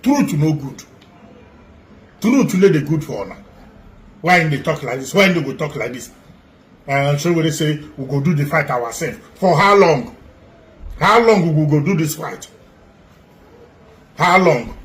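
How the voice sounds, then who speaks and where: A man's voice: fairly high pitch, animated, measured pace, pauses often. A man with a Nigerian Pidgin accent, an activist making an emphatic, repetitive appeal.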